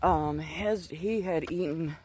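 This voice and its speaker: A man's voice: a little high, slow, a little mellow, slight background noise. A middle-aged man speaking in a slightly raised register, a little out of breath as he walks outside. He tells his story loosely, doubling back and restarting often. Faint rural outdoor ambience sits behind him. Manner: rambling, digressive storytelling with many restarts. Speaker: Christian vlogger. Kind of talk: casual personal testimony. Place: outdoors, walking.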